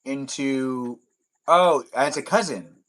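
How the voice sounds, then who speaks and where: A man hosts a loose live stream chat at an ordinary middle pitch. He rambles, restarts his thoughts and keeps repeating his own pet phrases. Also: slow pace, a bit bright, slight background noise, low-quality recording.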